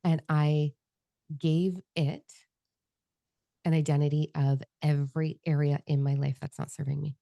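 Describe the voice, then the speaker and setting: A woman's voice: low-pitched, flat delivery, unhurried, creaky, warm tone, no room sound, clean studio sound. A woman speaking as a podcast guest, blunt and profane, emotionally open in a candid conversation at her desk at home.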